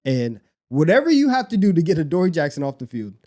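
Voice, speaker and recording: A young man with a slightly higher voice co-hosts a casual sports podcast. He talks in an animated way, circling back and repeating his phrases as he goes. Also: quick pace. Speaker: podcast co-host.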